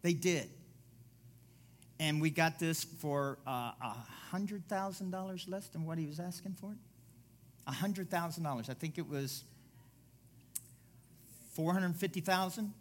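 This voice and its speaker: A man's voice: a little high, measured pace, pauses often, slight background noise. A middle-aged man pastor preaching a sermon with a personal story, rambling and digressive, repeating himself for emphasis.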